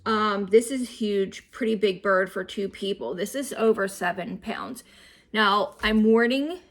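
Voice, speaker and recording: In her kitchen at home, a young female vlogger talks through a casual grocery haul, sounding slightly breathless while unpacking her bargains. She speaks at a measured pace in a medium-pitched voice.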